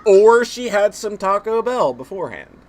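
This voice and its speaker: A man's voice: high voice, very animated, normal speed, a little hiss or hum. A young man co-hosting a live-streamed podcast in casual chat, joking around with crude, profane banter.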